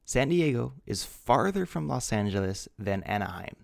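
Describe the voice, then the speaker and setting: A man's voice: medium pitch, very animated, normal speed, gravelly, no room sound, clean studio sound. A man teaching English grammar, patiently spelling out words letter by letter. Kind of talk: slow grammar lesson.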